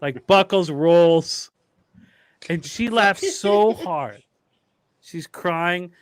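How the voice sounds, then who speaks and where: A man's voice: sits high, drawn-out words, a little hiss or hum. A man, co-hosting a sports chat and telling a rambling, profane story with laughs. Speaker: podcast co-host.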